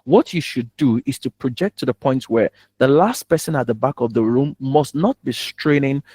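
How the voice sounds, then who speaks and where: A man's voice: mid-range voice, normal speed, a little mellow, slightly rough, no room sound. A man with a Nigerian accent coaching on public speaking, in a teasing, humorous and direct way. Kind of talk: spoken teaching talk.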